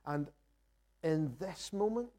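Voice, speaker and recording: Mellow-voiced man preaching a sermon. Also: a little high, expressive, takes it slowly. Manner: earnest, reflective preaching with rhetorical questions. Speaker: pastor. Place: church sanctuary.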